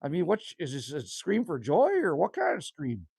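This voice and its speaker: A man's voice: a little high, wildly swooping pitch, brisk, creaky, a little mellow, breathy edge, no room sound, studio quality. An older man from Canada with a Canadian accent, casually chatting with livestream viewers from his cabin woodshed and reading out their names. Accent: Canadian, with bits of Newfoundland. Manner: chatty, reads out viewer names and answers them. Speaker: livestream host.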